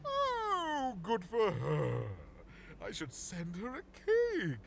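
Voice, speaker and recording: Haughty game duke, high voice, swooping wildly, drawling slow. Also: male voice, wildly swooping pitch, gravelly, a bit bright, slight background noise, full character voice. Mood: dismissive. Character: snobby pompous young male duke. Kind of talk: video game voice acting.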